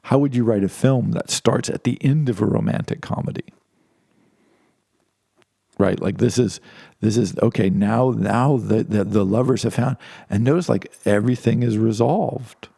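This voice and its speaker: A man's voice: fairly low pitch, moderate pace, creaky, mellow, husky, dry recording, clean studio sound. A man giving an informal philosophy lecture, talking conversationally with many restarts and asides.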